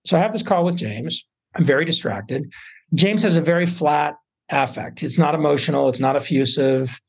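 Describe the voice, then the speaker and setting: Gravelly, husky-voiced man telling stories. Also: fairly high pitch, moderate pace. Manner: relaxed storytelling with fillers and restarts. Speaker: guest, venture investor. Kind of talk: casual interview talk.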